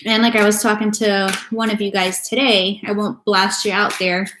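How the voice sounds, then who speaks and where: A woman's voice: mid-range voice, flat delivery, normal speed, a bit bright. Chatty woman doing a tarot live stream. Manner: chatty, loose and swearing, greets viewers by name. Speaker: tarot reader. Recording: echoey room with faint noise.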